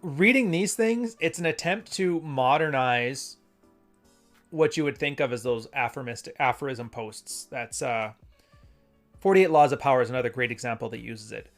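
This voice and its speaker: A man in the middle of his usual pitch hosts a casual stream, talking things through in a loose, conversational way. He often restarts his sentences and reads longer passages aloud. Faint music plays softly behind him. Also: moderate pace. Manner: rambling, conversational, self-correcting. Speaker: host. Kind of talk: casual live-stream commentary and reading.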